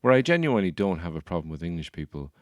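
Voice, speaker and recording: A man's voice: sits low, sing-song, rapid-fire, dry recording, clean studio sound. A man with a Dublin Irish accent, a comedian hosting his podcast, rambling on in a wry, self-mocking way. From Ireland. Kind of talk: comic podcast monologue.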